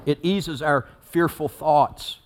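Guy preaching, kinda high voice, chatty and dramatic. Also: steady tone, slow. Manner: conversational preaching, dramatic retelling with rising intensity. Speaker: pastor. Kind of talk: sermon.

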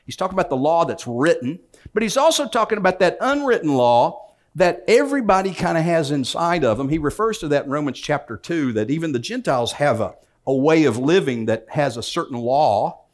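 A man's voice: fairly high pitch, sing-song, brisk. A man preaching a sermon, reading scripture aloud and then explaining it in a conversational way with joking asides. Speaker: pastor.

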